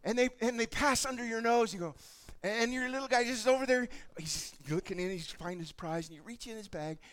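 A man preaching a sermon, telling stories in an animated way and acting out the voices of the people in them. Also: very high voice, fairly quick. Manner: animated storytelling, acts out voices. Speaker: pastor.

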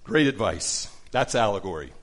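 A man's voice: lowish voice, expressive, normal speed, a bit bright. A middle-aged man teaching a casual Bible study lesson, conversational, with many fillers and restarts.

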